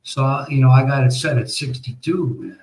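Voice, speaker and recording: A man's voice: medium pitch, normal speed, a little mellow, low-quality recording. An American man telling a long, rambling story in casual chat, swearing often and restarting his sentences. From United States. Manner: rambling, profane, lots of restarts and fillers. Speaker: podcast host.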